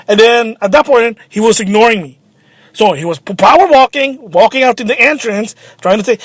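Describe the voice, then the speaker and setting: A man's voice: very high-pitched, a little fast, no room sound. A man telling a frustrating store story in a casual, agitated vlog rant. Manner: agitated, animated storytelling with restarts. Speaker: vlogger. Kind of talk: casual ranting monologue.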